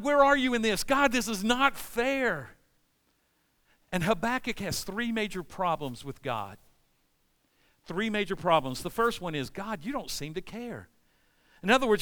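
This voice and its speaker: A middle-aged man preaches a sermon with a clear, smooth, resonant voice. His tone sits high and bright, and he breaks into anguished cries as he voices prayers to God. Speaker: pastor.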